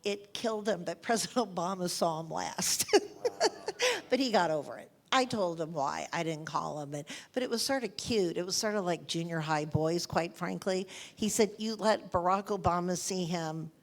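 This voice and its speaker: Woman guest storyteller, older, low-ish voice, heartfelt and repetitive anecdotes. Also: moderate pace, gravelly, few pauses. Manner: anecdotal, emotional, repeats phrases. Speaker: interviewed author. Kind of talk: onstage interview storytelling.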